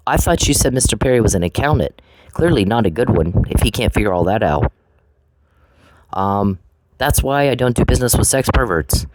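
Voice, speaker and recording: Man ranting with a lively, swinging pitch. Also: slight background noise, poor audio. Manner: angry, profane, addresses named people directly; repetitive, accusatory. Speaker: vlogger. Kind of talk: confrontational monologue.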